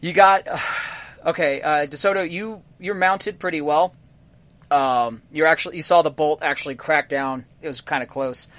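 A man narrating a tabletop game as game master, unhurried and full of fillers. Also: a little high. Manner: relaxed, halting narration with many fillers.

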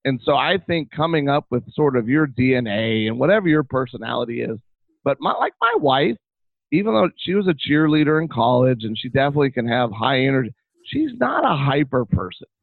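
Middle-aged guy on a call, gravelly voice, thin phone sound, animated and restarting a lot. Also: medium pitch, brisk, no echo. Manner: animated storyteller, many restarts. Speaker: guest. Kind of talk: casual interview chat. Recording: tinny phone-like line.

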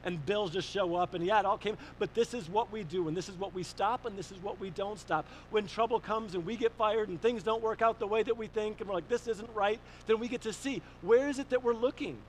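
High-voiced man preaching animatedly. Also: slight background noise, rough recording. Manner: animated storytelling, rising emphasis on questions. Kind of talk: sermon.

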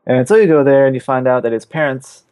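A man co-hosting a podcast, loosely retelling a video game's story in casual, profane chat and slipping into quick voices for the characters. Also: medium pitch, darkish tone, no room sound. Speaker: podcast co-host.

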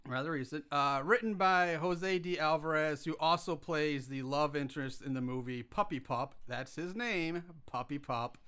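A bright, slightly high-voiced young man hosting a horror podcast. He talks casually but flares into swearing, worked-up rants. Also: normal speed, few pauses, clear, resonant tone. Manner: profane, worked-up ranting. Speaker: podcast host.

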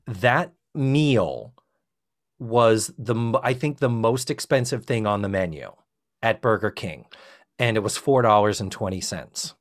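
A man's voice: lowish voice, lively intonation, measured pace. Casting: fifties man from Massachusetts, podcast co-host, chatty and joking, easy pace. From South Shore of Massachusetts. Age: 50s. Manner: chatty, joking, reading from notes. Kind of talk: casual chat.

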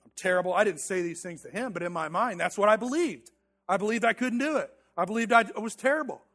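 Speaking fast, this thirtysomething pastor gives a sermon in an easygoing, chatty manner. His voice is on the high side for a man, and as he recounts a personal tale with self-mocking humor, he keeps restarting and repeating himself.

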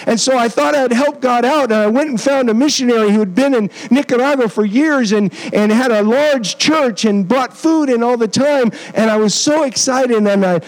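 A man's voice: very high-pitched, darkish tone, rough recording. A man, a missionary preaching as a guest in a church, telling a personal story with earnest feeling and self-deprecating humor. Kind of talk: storytelling sermon.

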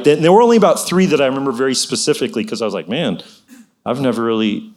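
In a mid-range voice, a middle-aged man shares a personal faith story, conversational yet preacherly. He urges his listeners on and keeps tossing in "you know" asides.

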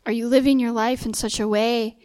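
A woman's voice: a little high, fairly even intonation, a little fast, a little mellow, clear, resonant tone, dry recording. A young adult woman giving a sermon-style talk, telling a personal story and acting out the dialogue in quoted voices. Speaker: speaker sharing a testimony.

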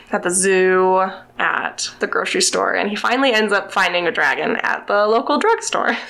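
Young woman, podcast guest, gravelly fry at the ends of her lines, casual and chatty, sprinkles "like" as she retells a children's book. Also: mid-range voice, fairly bright tone. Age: young adult. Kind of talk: casual storytelling chat.

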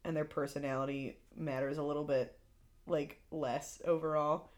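A woman co-hosting a podcast, chatting casually about movies with lots of fillers and quick retellings. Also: low voice, steady tone, darkish tone. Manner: chatty, lots of "like", acts out quotes. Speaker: podcast co-host. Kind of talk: casual chat.

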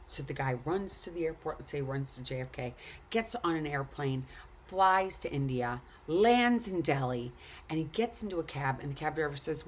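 A woman's voice: sits low, moderate pace, slight background noise. A woman telling a story and earnestly urging the listener to take care of themselves. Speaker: speaker. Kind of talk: casual motivational talk.

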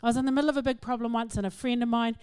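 A middle-aged woman, giving a humorous, self-mocking talk to an audience in an animated storytelling manner. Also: a little high, very fast, clear, resonant tone. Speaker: speaker.

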